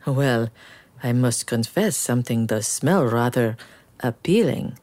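Rich: A podgy, pompous king with grand, drawn-out royal speech as a woman puts him on. He holds forth in a lively, swooping voice. It comes from a children's storybook reading. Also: rumbling low.

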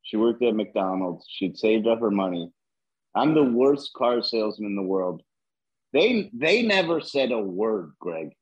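A man co-hosting a casual podcast chat, an animated storyteller with a husky voice who swears freely. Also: lowish voice, a little slow, muffled recording.

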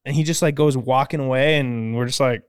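A man from Minnesota, co-hosting a podcast, telling a story in an animated, casual way and swearing freely. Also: mid-range voice, fairly quick, smooth, dry recording, clean studio sound. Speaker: podcast co-host.

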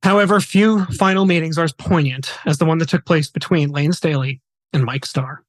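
A man's voice: fairly high pitch, normal speed, no room sound. A male podcast host earnestly retelling a somber true story, voicing quoted dialogue as he goes.

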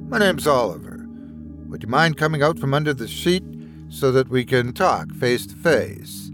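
A man's voice: medium pitch, animated, moderate pace, natural voice. Guy doing a patient fatherly voice, cordial, music playing under. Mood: gentle. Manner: cordial, paternal. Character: man searching an asylum, paternal and patient.

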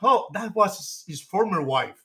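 A man in his sixties tells locker-room stories with animated, profane energy. His voice sits high and sounds bright and forward. He laughs through his own punchlines. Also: moderate pace. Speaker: guest, former baseball manager. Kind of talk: casual storytelling.

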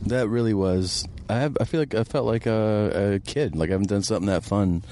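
Low-voiced man chatting casually. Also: brisk, mellow. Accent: American. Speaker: comedian guest. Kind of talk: casual chat.

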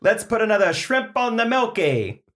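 A man voicing a cheery, brash Australian milkman with a put-on Australian accent and a loud, exaggerated delivery. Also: high-pitched, big pitch swings, moderate pace, voice pushed up. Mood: hammy.

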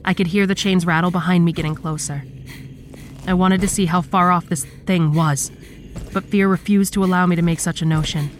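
A woman narrating a horror story in a steady, measured storytelling manner. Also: fairly low pitch. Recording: clear background noise.

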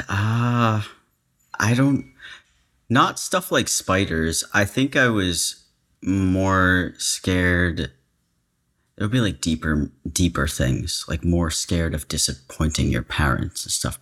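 A man talking as a guest in a casual chat, hesitant and halting with fillers. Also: low voice, fairly bright tone.

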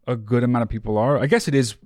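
A man's voice: mid-range voice, rapid-fire, a little mellow, dry recording. A man co-hosting a podcast, teasing his partner in a dry, wry way during casual chat. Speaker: podcast co-host.

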